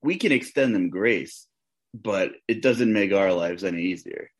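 A man's voice: low-pitched, a little slow, husky. A man co-hosting a fantasy basketball podcast in casual chat, bantering with jokes and sarcasm.

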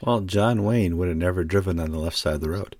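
Deep-voiced man, wry co-host. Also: quick pace, darkish tone, no echo. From United States. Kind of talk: casual discussion.

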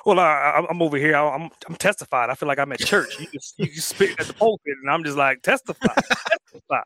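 A man's voice: a little high, quick pace, bright, forceful tone, a little hiss or hum. A man speaking as a podcast guest, emphatic and fired up, swearing freely in casual conversation.

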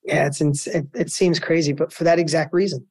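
A man's voice: brisk, husky, no echo. Male guest, emphatic motivational storyteller, dry close sound. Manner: emphatic, storytelling, animated pitch swings. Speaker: guest entrepreneur. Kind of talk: motivational interview talk.

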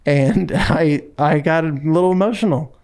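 A man's voice: fairly high pitch, moderate pace, darkish tone. Chatty rambling male podcast host. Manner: rambling, chatty storyteller with many fillers. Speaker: podcast host and country singer. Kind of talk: casual chat.

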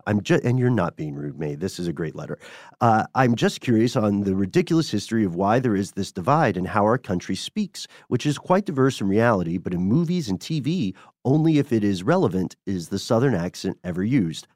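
A man's voice: lowish voice, no room sound, clean studio sound. A man co-hosting a podcast, casually reading listener letters aloud and chatting, from the US South. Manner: relaxed, reads letters aloud with chuckles. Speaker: podcast co-host.

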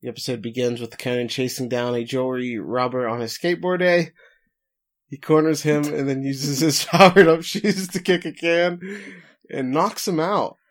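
A man's voice: mid-range voice, fairly even intonation, moderate pace. A man hosting a casual podcast, recapping episodes with playful jokes and asides. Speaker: podcast host.

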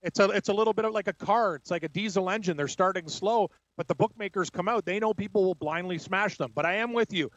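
High-voiced man talking sports bets. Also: a bit bright, no echo, highs cut off. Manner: brisk, confident betting analysis. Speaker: sports radio co-host. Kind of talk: casual sports talk.

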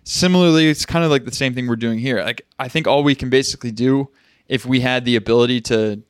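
A man's voice: medium pitch, quick pace, clean tone, no room sound, clean studio sound. A man co-hosting a podcast, musing and rambling in casual chat with lots of fillers and restarts. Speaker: podcast co-host.

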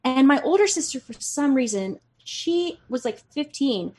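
A woman in her forties, a podcast guest, telling a family story excitedly and acting out the voices. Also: high voice, measured pace. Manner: excitable, animated storyteller who acts out voices. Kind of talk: storytelling in casual chat.

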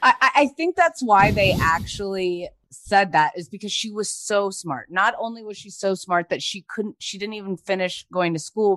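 A woman's voice: lowish voice, a little hiss or hum. A middle-aged woman co-hosting a podcast, a mother who recounts stories casually with wry asides. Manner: relaxed storyteller, wry asides. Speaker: podcast co-host. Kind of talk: casual chat.

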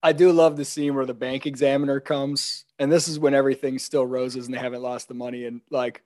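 A man hosting a casual podcast conversation, telling animated stories and acting out quotes with laughter. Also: mid-range voice, fairly quick. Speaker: podcast host. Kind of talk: casual chat.

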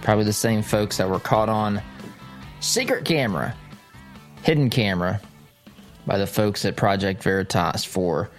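A man hosting a talk radio show, talking casually and rambling with frequent restarts. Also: lowish voice. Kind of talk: host-read ad.

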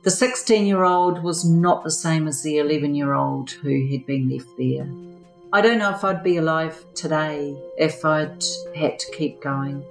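Older New woman, low and earnest, measured personal testimony over faint music. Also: gravelly, rough recording. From New Zealand. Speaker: former therapist sharing her story.

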